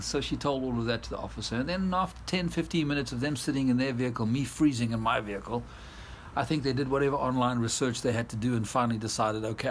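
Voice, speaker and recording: A man's voice: mid-range voice, slight background noise. A South African-born man vlogging outdoors, chatting casually and laughing often as he tells a tired, rambling story. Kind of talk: casual vlog chat. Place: outdoors, garden and yard.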